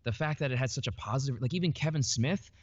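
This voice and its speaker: A man's voice: mid-range voice, quick pace, dull audio. A man who works as a voice actor, a guest in a casual podcast chat, rambling and filling his talk with "like". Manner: rambling, leans on "like" a lot.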